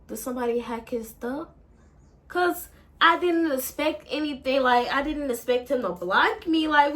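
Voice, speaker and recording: A woman's voice: high-pitched, a bit bright. A woman vlogger, telling a breakup story in a rambling, emotional way and swearing a lot. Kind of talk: casual storytime.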